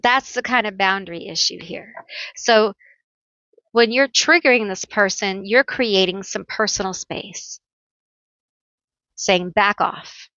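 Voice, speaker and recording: A woman's voice: medium pitch, unhurried, pauses often, sharp tone, no room sound, highs cut off. A woman giving a pick-a-card tarot reading, chatty and playful, telling stories with teasing nicknames.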